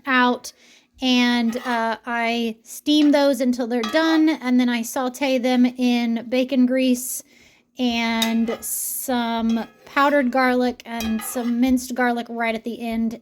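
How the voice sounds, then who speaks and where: A woman's voice: fairly high pitch, slight background noise. A middle-aged woman vlogging about her family's meals in a casual, chatty way, with lots of ums and uhs. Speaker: homesteading mom vlogger. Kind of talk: casual vlog narration.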